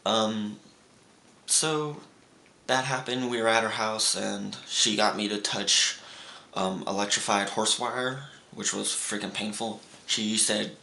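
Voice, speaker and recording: A man's voice: fairly low pitch, slow pace, vocal fry, sharp tone. A young man telling stories in a casual vlog. He rambles with restarts and acts out his friends' lines in raised voices. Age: young adult. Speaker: vlogger. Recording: roomy echo with faint background hum.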